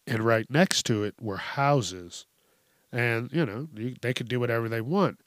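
A man hosting a news-reaction show, telling stories in blunt, profane, animated casual commentary. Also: mid-range voice, measured pace, no echo, studio quality. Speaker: host.

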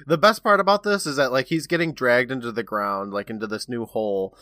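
A man's voice: mid-range voice, a little fast, pushed and bright, dry recording. A laid-back man in casual podcast chat who keeps agreeing and laughing along. His voice sounds dry and close, with no room sound around it. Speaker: podcast co-host.

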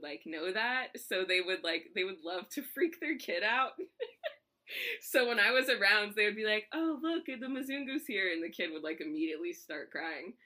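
A woman's voice: mid-range voice, pushed and bright. A woman talking casually as a guest, chatty and laughing between thoughts. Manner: chatty, lots of fillers and laughs. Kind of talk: casual chat.

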